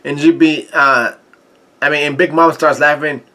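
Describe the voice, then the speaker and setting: A man recaps a comic chapter in a casual, stumbling way, often restarting and correcting himself. His voice is bright and a little higher than most men's. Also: steady tone. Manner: halting, many restarts and self-corrections. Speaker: manga reaction host.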